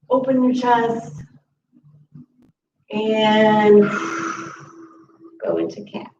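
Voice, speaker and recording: A woman teaching a chair yoga class, calmly cueing each breath and movement. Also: medium pitch, takes it slowly. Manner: calm instructive cueing of breaths and moves. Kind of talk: guided exercise class. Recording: roomy, distant, muffled audio with faint hiss.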